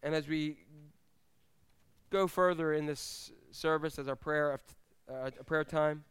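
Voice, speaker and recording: A man's voice: a little high, steady tone, measured pace, a bit bright, smooth. A male pastor preaching a sermon at a church service, telling stories animatedly and acting out the voices of the people he quotes.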